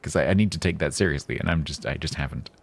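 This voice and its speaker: A man's voice: a bass voice, fast, vocal fry. A man streaming a game live, chatting casually in a rambling, self-mocking, joking way.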